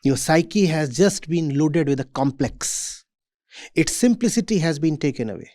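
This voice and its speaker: A man speaks to a room of students in a calm, deliberate lecture. His voice is mellow and warm, and he lands each point with emphasis before asking a rhetorical question. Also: on the high side. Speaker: spiritual teacher. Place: university event hall.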